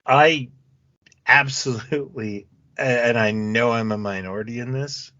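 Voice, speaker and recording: A man's voice: mid-range voice, unhurried, bright, forceful tone, no room sound, dull audio. A man from Canada co-hosting a podcast, chatting wryly and laughing often. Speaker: podcast co-host. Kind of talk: casual chat.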